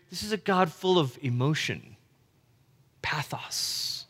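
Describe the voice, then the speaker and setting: A man preaching in a relaxed, chatty way, his fairly high voice carrying a long reverb through a large church hall. He acts out short quoted lines softly and tenderly, then returns to plain talk. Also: a little slow. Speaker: pastor. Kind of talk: sermon.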